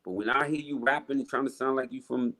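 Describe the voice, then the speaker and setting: A man's voice: medium pitch, fast talker, bright, forceful tone, poor audio. A middle-aged man, a rapper guest telling stories in a casual interview, emphatic and profane with street slang.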